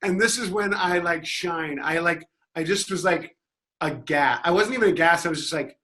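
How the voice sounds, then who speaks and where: A man's voice: a little high, moderate pace, roomy sound. A man on a comedy podcast panel telling a rambling story full of restarts. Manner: rambling, with many restarts and loud mocking impressions.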